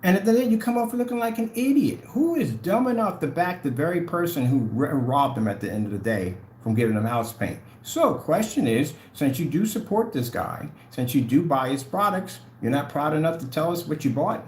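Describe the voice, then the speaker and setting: A man's voice: a little high, lively intonation, brisk, hardly any pauses, a little mellow, a little hiss or hum. Taunting man on a heated livestream rant. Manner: confrontational, taunting, repeats questions. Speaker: channel host.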